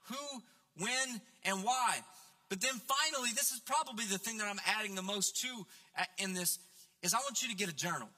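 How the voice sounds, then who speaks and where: A man's voice: high-pitched, moderate pace, pushed and bright. A man, the pastor, preaching a sermon in a church, talking conversationally to the congregation with frequent asides and repeated restarts. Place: church sanctuary. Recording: long hall reverb.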